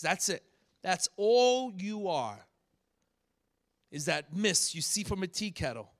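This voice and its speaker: A man preaching a sermon, teaching from scripture and acting out sharp rebukes with rising shouts. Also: high-pitched, very animated, measured pace. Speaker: pastor.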